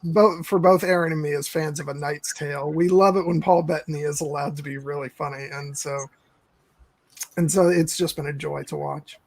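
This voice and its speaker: A man's voice: on the high side, steady tone, moderate pace, creaky, darkish tone. A man in a casual fan discussion who talks in a hesitant, thoughtful way. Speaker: podcast panelist.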